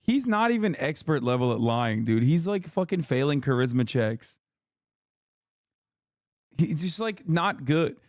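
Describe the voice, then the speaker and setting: A man gives live reaction commentary on a stream, crude and mocking and swearing freely. His voice is smooth and a bit high for a man. The sound is dry and close, with no room echo. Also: big pitch swings, unhurried, pauses often.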